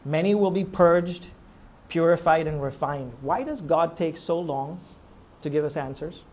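A man preaching a sermon in a conversational way, asking rhetorical questions and swinging from quiet reflection to emphatic urging. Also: on the high side, unhurried. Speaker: pastor.

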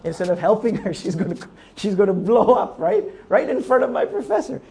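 A male pastor with a high-pitched voice delivers a sermon in a conversational way. He leans on rhetorical questions and moves between quiet reflection and emphatic urging. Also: lively intonation, brisk, creaky, slightly rough.

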